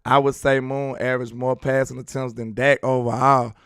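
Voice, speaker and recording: A man's voice: mid-range voice, level tone, moderate pace, a bit bright, clear, resonant tone, no echo, clean studio sound. A man hosting a casual sports livestream, reading chat comments aloud with laid-back slangy banter and frequent laughs. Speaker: sports talk livestream host.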